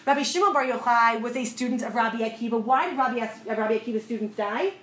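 A woman teaching a lively class lecture, telling a story and asking her students questions as she goes. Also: a little high, quick pace. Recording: echoey room, faint noise.

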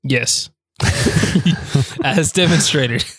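A man's voice: fairly high pitch, extremely slow, fairly bright tone, slightly rough, dry recording. A man from outside the United States co-hosting a podcast in casual chat. He is playful and teasing and asks a lot of questions. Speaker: podcast co-host.

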